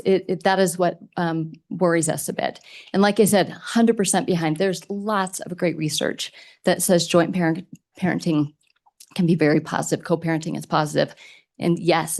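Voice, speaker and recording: Woman, slightly low voice, earnest, hesitant, filler words, hearing testimony. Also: creaky, darkish tone. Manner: earnest, hesitant, many ums and restarts. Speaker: public testifier.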